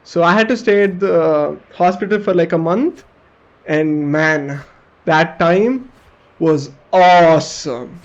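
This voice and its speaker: A man's voice: fairly high pitch, takes it slowly, dull audio. A young man streamer casually telling a story while gaming, swearing now and then and acting out what people said. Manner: animated, casual, swears, acts out quoted people.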